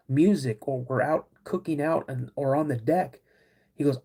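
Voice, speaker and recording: A middle-aged man hosting a podcast, telling a personal story in an animated way, acting out quoted voices and calling his listeners "guys". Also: a little high, moderate pace, gravelly, slight background noise. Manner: acts out quoted voices of his dad and himself. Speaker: podcast host.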